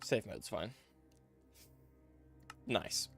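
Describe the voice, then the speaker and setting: A man's voice: lowish voice, big pitch swings, very slow, vocal fry, a bit bright, faint music behind. A man doing casual gameplay commentary as a YouTuber, playful and laughing constantly while he reads viewer comments. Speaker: gaming YouTuber.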